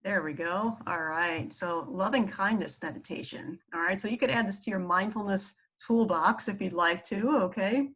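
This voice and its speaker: A woman's voice: medium pitch, moderate pace, few pauses, a bit bright, husky, poor audio. Chatty New York woman teaching mindfulness. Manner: chatty, frequent "okay" and "um" check-ins. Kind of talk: casual instructional talk.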